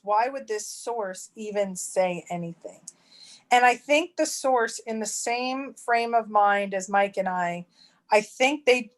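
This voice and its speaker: A woman co-hosting a casual livestream chat, rambling with restarts and quick to laugh. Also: a little high. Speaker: treasure hunt channel co-host.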